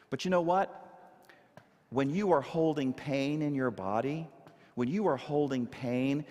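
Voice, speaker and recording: A man preaching a sermon, his pitch rising and falling in a lively, emphatic way as he asks the congregation rhetorical questions. His voice rings out with a long reverb from the church hall. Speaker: minister. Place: church sanctuary.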